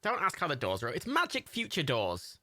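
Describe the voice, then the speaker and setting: A man's voice: fairly high pitch, wildly swooping pitch, moderate pace, pushed and bright, no room sound, clean studio sound. A man hosting a livestream, giving joking, swearing running commentary while watching a film. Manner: joking, swearing, chatty asides. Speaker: livestream host.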